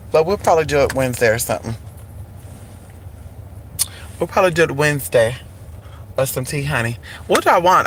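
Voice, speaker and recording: A man's voice: a little high, sharp tone. A man chatting sassily and animatedly while vlogging from his car. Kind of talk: casual car vlog. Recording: traffic noise behind. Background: road traffic.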